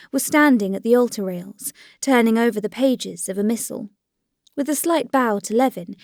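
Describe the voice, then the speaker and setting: The clip features an audiobook narrator, a woman of medium pitch, delivering scripted narration of a classic novel. She keeps an even, measured storytelling pace, recorded cleanly in a studio without room sound.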